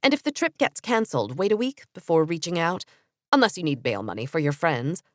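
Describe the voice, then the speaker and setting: Lady putting on a low-voiced snarky bossy woman, dry sarcasm, audiobook. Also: big pitch swings, a little fast, dry recording. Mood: sarcastic.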